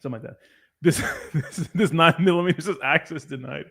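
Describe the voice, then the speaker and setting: A young man with a noticeably high-pitched voice hosts a loose, casual livestream. He reacts to viewer comments with constant joking, laughter and plenty of swearing. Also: normal speed, vocal fry, fairly bright tone, breathy edge. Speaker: crypto livestreamer.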